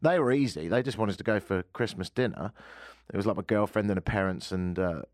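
A man's voice: on the low side, a little fast, a little mellow, no room sound. A man from the United Kingdom hosting a casual radio chat show, full of wry, self-mocking sarcastic asides, recorded in a studio. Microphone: studio microphone.

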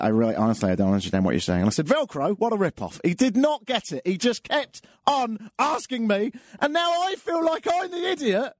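A man's voice: mid-range voice, a little mellow, dry recording. A man hosting a call-in radio show, telling stories and jokes in a dry, self-mocking way. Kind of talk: casual monologue with jokes.

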